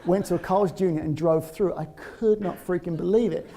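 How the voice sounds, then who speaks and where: A man in his fifties with a London accent tells a personal story in an animated, lively way. His voice sits a touch high and has a gravelly, creaky edge. He laughs easily as he talks. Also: moderate pace, background noise. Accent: London English. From England (London). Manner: lively, often laughs while talking. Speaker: interviewee telling a personal story.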